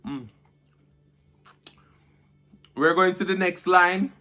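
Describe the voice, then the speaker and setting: A man's voice: fairly high pitch, a little slow, long pauses, bright, forceful tone. A Jamaican man chatting casually during a food-review mukbang, humming and murmuring between bites.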